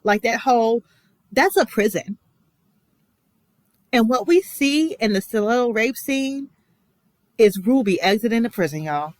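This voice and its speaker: A woman's voice: on the high side, lively intonation, unhurried, long pauses, no echo. A young American woman giving a chatty, emphatic reaction commentary with many fillers and asides. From United States. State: emotional. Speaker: vlogger reacting to a TV episode.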